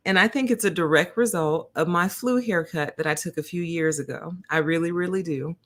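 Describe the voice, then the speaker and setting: A woman's voice: lowish voice, fairly bright tone. A woman hosting her own channel, casually telling viewers a story, laughing often and acting out both sides of a conversation. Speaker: channel host.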